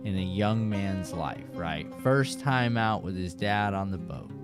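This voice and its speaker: A man hosting a fishing show, telling a rambling, animated story straight to his viewers. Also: low voice, unhurried, over music.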